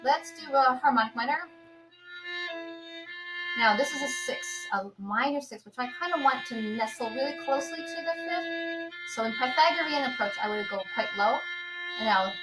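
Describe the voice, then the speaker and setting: A woman's voice: high voice, lively intonation, normal speed, loud music behind the voice, rough recording. A woman teaching an online violin lesson, who explains patiently and keeps checking in with her viewers. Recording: violin playing between phrases.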